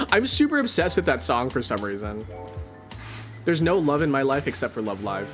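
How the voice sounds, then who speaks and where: A man streaming as a VTuber, chatting casually in a rambling, playful, excitable way over faint music. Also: mid-range voice.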